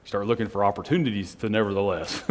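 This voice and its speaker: A man preaching a casual sermon to a small group, conversational, asking the room questions and chuckling. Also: fairly low pitch. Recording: long hall reverb.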